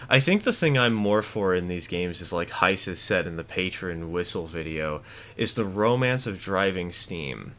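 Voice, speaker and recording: A man's voice: low-pitched, animated, moderate pace, bright, forceful tone. A man streaming a train game, chatting casually and giving rambling, opinionated replies to chat. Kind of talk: casual gameplay commentary, reading chat.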